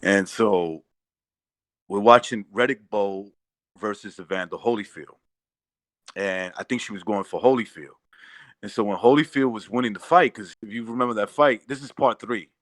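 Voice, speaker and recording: A man co-hosts a podcast and tells stories casually, laughing as he goes. He talks in a relaxed, chatty way. The recording is dry and close to the mic. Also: on the low side, moderate pace, no room sound. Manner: laughing anecdotes with loud mimicry. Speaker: podcast co-host. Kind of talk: casual storytelling chat.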